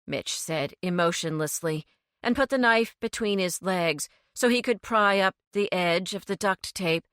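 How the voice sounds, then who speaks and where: Fairly low in pitch, this female narrator delivers a cozy mystery audiobook from a script with measured, steady storytelling. The recording is dry and of studio quality.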